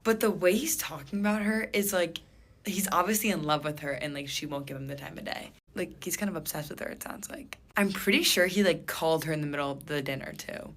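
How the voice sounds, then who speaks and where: A young woman with a low, dusky voice tells a dating story straight to camera. She is chatty and animated, her sentences full of "like" and quick bursts of disbelief.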